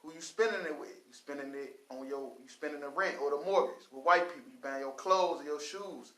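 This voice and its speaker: A man on a radio show making a casual, slangy point. He starts out halting, then builds his argument by repeating himself. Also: fairly high pitch, bright, forceful tone, echoey room, poor audio.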